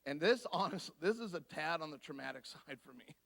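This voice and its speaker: A man preaching a sermon as a guest speaker, telling his story in an animated way and acting out each voice. His voice is high and bright with a gravelly, creaky edge. He talks at an unhurried, deliberate pace. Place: church.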